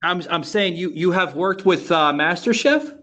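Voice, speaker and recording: A man from Florida co-hosting a podcast, speaking haltingly with repeated words and constant you-knows. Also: high voice, expressive, sharp tone, poor audio. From Florida, USA. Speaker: podcast co-host. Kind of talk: casual podcast interview.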